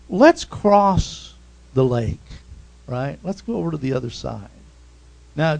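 A man preaching a sermon in an animated way, reading scripture and calling out amens. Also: a little high, creaky, rough recording.

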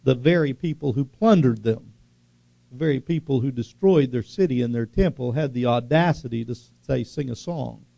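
A man's voice: medium pitch, normal speed, vocal fry, warm tone, no echo. A man preaching a sermon, emphatic and repetitive, often putting questions to the congregation. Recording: dull lo-fi recording.

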